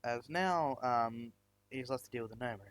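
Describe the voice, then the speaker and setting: A man's voice: medium pitch, moderate pace, no echo. A man narrating a fan-made story, rambling with many fillers and restarts.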